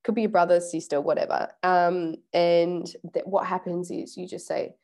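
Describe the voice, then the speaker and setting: A woman's voice: fairly low pitch, level tone, normal speed, a little mellow. A young woman vlogging casually about personal boundaries, chatty and swearing freely, acting out little quoted exchanges. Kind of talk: casual self-help vlog.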